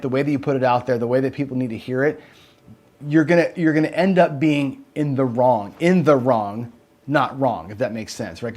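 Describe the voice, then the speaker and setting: A man hosting a casual livestream, rambling and asking "right?" after nearly every sentence, and swearing when he gets heated. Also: mid-range voice. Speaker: host.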